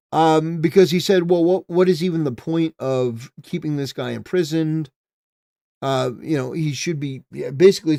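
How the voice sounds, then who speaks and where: A man's voice: fairly high pitch, a little mellow, no echo, studio quality. A man hosting a political commentary livestream, talking casually with rambling, stammering restarts and swings from mumbling to emphatic.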